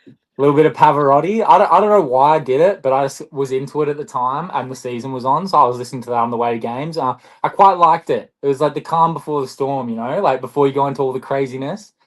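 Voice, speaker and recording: This is a young man, a basketball player guesting on a podcast. He tells his stories in a chatty, rambling way, with restarts and lots of "like". His voice sits in a medium pitch range. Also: quick pace, low-quality recording. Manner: chatty, rambling, animated storyteller. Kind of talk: casual podcast storytelling.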